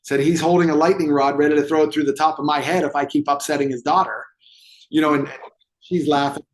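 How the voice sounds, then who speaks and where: A man's voice: a little high, steady tone, fast talker. A man telling a client story as a guest in an interview, acting out the dialogue with animation. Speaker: movement therapy expert guest.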